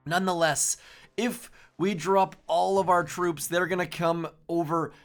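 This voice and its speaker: A man's voice: high-pitched, steady tone, measured pace, a bit bright, faint music behind. Chatty man narrating his gameplay. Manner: chatty, self-deprecating, thinking aloud with fillers. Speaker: host of a mobile strategy game channel. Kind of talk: casual gameplay commentary.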